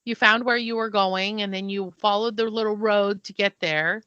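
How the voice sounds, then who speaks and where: Bright-voiced woman telling animated stories. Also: mid-range voice, moderate pace, smooth, no room sound, dull audio. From United States. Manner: animated storyteller, acts out quoted people; restarts and stumbles mid-sentence. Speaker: podcast co-host. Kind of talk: casual storytelling chat.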